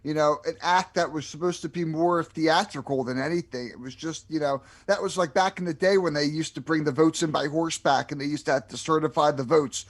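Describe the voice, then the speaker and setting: A man with a Delaware County Philadelphia accent, co-hosting a podcast in relaxed casual chat, leaning on "you know" fillers. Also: fairly high pitch, fairly quick, few pauses. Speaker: podcast co-host.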